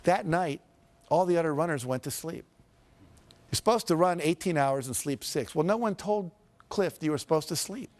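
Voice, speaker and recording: A man's voice: a little high, animated, normal speed. A man giving a motivational seminar talk to an audience, telling stories and slipping into the quoted characters, with emphatic repetition. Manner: storytelling, shifting into quoted characters. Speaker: motivational speaker.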